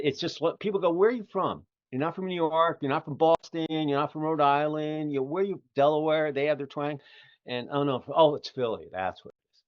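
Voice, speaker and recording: A man's voice: low-pitched, dry recording. A middle-aged man with a Philadelphia accent hosting a casual interview show, rambling with lots of fillers. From Philadelphia area, USA. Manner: rambling, many fillers, folksy. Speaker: podcast host. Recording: muffled lo-fi audio.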